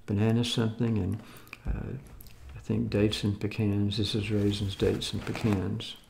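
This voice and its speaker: In his seventies and from the United States, this food vlogger does a casual show-and-tell of his groceries, folksy and rambling, with mildly skeptical side comments. He speaks unhurriedly in a fairly low, creaky, slightly mellow voice with little pitch movement, over slight background noise.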